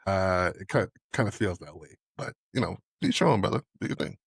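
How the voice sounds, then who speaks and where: A man co-hosting a casual podcast, joking around and laughing as he recounts clips. His low, husky voice moves at a fast clip and sounds dry and close to the mic. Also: very animated, dry recording. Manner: laughs often, loose and joking, quotes others. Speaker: podcast co-host. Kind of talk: casual chat.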